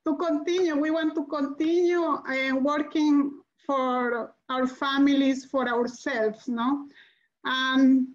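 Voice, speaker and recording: Slow, high-voiced immigrant mother speaking. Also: muffled recording. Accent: non-native English. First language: not English. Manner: halting, searching for words, tag "no?". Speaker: immigrant parent panelist. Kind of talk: emotional personal testimony.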